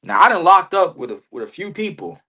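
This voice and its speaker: A young man, a wrestler guest on a podcast, telling stories in a casual, animated way with lots of slang. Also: high voice, a little fast. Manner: animated, slangy, lots of "bro" and "you feel me". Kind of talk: casual interview storytelling. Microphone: remote podcast call.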